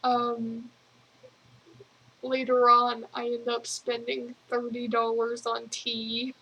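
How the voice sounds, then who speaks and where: Slow-talking high-voiced young woman vlogger. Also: monotone, bright, forceful tone, a little hiss or hum, poor audio. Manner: rambling, giggly, lots of fillers. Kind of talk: casual video journal.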